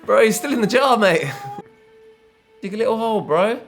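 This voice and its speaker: A man's voice: high voice, expressive, moderate pace, creaky, faint music behind. A man co-hosting a movie reaction video in casual chat, joking around, humming tunes and putting on silly voices. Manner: playful, jokey, does silly voices and hums tunes.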